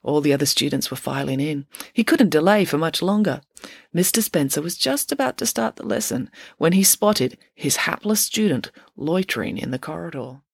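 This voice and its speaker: A woman reading a children's chapter book aloud in an expressive, lively narration. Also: low voice, normal speed, vocal fry, husky, no echo, studio quality. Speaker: reader of her own story. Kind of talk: storybook narration.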